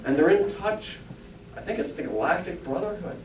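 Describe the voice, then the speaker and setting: A man's voice: sits high, animated, normal speed, slight background noise. A man, a spiritualist minister and medium, giving an informal talk to a congregation, chatty and humorous, often asking the audience questions. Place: church hall. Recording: echoey church from a distant mic.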